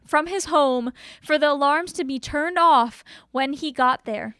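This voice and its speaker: Young woman co-host, high voice, dry close sound, animated storyteller. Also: unhurried, no echo. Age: 20s. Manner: animated, acts out quotes with big pitch jumps. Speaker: podcast co-host. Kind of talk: casual storytelling chat.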